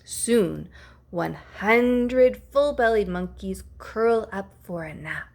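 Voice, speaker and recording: Female picture-book reader, unhurried and animated, playful with whispered asides. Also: mid-range voice, gravelly. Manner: expressive, playful, gasps and hushes for effect. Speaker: storybook reader. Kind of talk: reading a picture book aloud.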